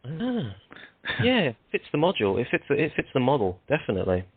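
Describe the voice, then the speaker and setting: A man's voice: mid-range voice, wildly swooping pitch, fast talker, breathy edge, dry recording. A man, a guest on a show, telling rambling anecdotes with lots of restarts. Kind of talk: casual interview chat. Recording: dry, tinny phone-like line.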